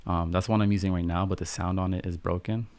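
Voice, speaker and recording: Young male streamer, very low pitch, calm unhurried delivery, dry room. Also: clean tone, dry recording. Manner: calm, soft-spoken, unhurried. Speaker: podcast host on a live stream. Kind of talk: casual live-stream chat, answering viewer questions.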